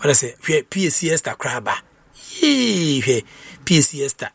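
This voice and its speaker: A man's voice: a little high, big pitch swings, normal speed, gravelly, breathy edge, dry recording. A Ghanaian man, a radio presenter, reading out announcements and a tribute in a chatty way, stumbling over names and repeating them.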